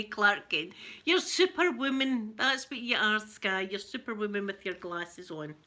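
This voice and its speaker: A Scottish woman from Scotland chatting casually to her viewers, now and then cooing softly in baby talk to her pet. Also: medium pitch, animated, measured pace. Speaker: ASMR channel host.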